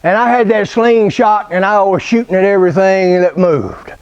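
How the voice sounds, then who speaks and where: High-voiced folksy male preacher. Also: clear, resonant tone, highs cut off. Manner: folksy, unhurried storyteller. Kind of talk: storytelling sermon.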